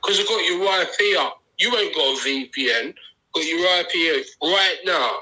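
A man's voice: on the high side, animated, moderate pace, pushed and bright, low-quality recording. A young man, a podcast guest, talking brash and mock-aggressive in casual banter.

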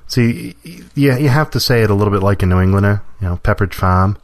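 A man's voice: fairly low pitch, quick pace, a little mellow, dry recording, studio quality. A man co-hosting a podcast, talking casually with wry, joking asides. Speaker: podcast co-host.

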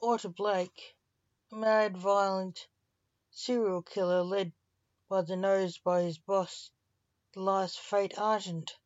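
A woman narrating a short story in a steady, measured reading voice, in a dull, dry, lo-fi recording. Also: mid-range voice, no echo.

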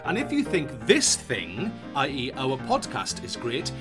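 A man's voice: mid-range voice, wildly swooping pitch, measured pace, music in the background. A man co-hosting a podcast in casual chat, rambling and breaking off mid-sentence. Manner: rambling, self-interrupting explanations. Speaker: podcast co-host.

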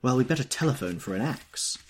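A man's voice: medium pitch, expressive, brisk, voice pushed up, close to an everyday voice. A man voicing a peevish, flighty young society woman in an audiobook reading, in a raised, plaintive voice. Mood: petulant.

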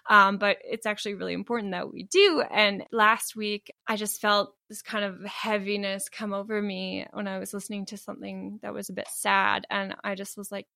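A woman's voice: medium pitch, steady tone, normal speed, vocal fry, hardly any pauses, sharp tone, no echo, studio quality. A woman talking candidly in a casual conversation, laughing often and restarting her sentences.

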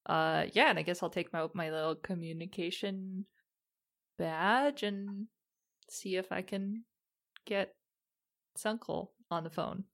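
A woman's voice: on the low side, steady tone, takes it slowly, creaky, long pauses. A woman playing her character in a tabletop game, talking in a rambling, hesitant way. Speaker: player. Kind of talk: tabletop role-play, in character.

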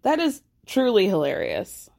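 Sarcastic woman host, lively swooping pitch, fairly high voice, casual chat. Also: a little slow, vocal fry. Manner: sarcastic, laughs often, acts out quotes. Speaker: podcast host recapping a reality show. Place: outdoors in a city, passersby watching.

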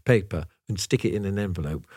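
A man's voice: deep voice, quick pace, mellow, dry recording, studio quality. A man co-hosting a podcast, talking thoughtfully and wryly in casual conversation and playing with words. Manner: thoughtful, wry, playful with words. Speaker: podcast co-host.

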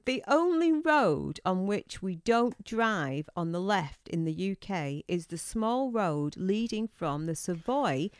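A woman's voice: mid-range voice, very animated, slow, few pauses, clean tone, no echo, studio quality. A woman co-hosting a podcast in casual chat, answering with blunt, wry quips. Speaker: podcast co-host.

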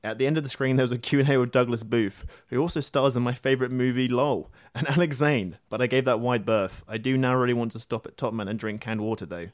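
A man's voice: medium pitch, steady tone, fast, few pauses, dry recording, clean studio sound. A man co-hosting a podcast, talking casually and dryly about films, often joking and laughing. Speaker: podcast co-host. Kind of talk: casual film chat.

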